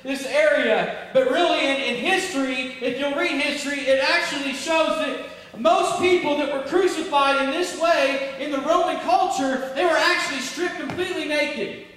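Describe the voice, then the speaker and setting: A man preaching a sermon to his church, emphatic and full of rhetorical questions, swinging between loud peaks and hushed stretches. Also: very high-pitched, normal speed. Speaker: pastor. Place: church sanctuary. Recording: echoey hall from far off, faint noise.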